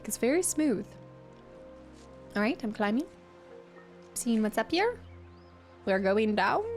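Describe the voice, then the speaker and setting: A woman streamer giving live gameplay commentary, excitable and laughing often. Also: a little high, takes it slowly, long pauses, faint music behind. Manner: excitable, laughs often, breaks into play-voices.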